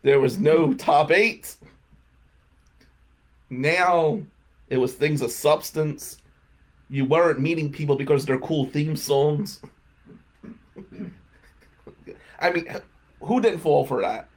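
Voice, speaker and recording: A man's voice: fairly high pitch, takes it slowly, pauses often. A man, hosting a radio talk show and telling self-mocking stories in a casual comedic monologue. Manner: self-mocking storytelling, laughing at his own jokes. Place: radio studio.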